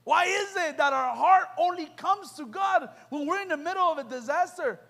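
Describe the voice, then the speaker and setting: High-voiced young man preaching fervently. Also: animated, normal speed, pushed and bright. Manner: impassioned, rhetorical questions to the crowd. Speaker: youth preacher. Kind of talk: sermon. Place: church youth event.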